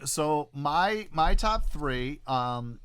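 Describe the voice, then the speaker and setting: A man's voice: on the high side, animated, very slow, a bit bright, clean tone, no echo. A middle-aged man with a Philadelphia-area accent tells stories in a rambling, swearing, filler-packed way, as a casual podcast co-host. His voice is dry and close, with no room sound around it. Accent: Philadelphia-area American. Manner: rambling, profane storytelling with many fillers. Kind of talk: casual chat.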